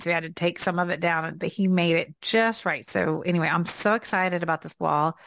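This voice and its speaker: A woman's voice: fairly low pitch, no echo, studio quality. A middle-aged woman with a Southern US accent, co-hosting a casual faith podcast in a chatty, rambling way. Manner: chatty, rambling, with fillers and laughs. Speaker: podcast co-host.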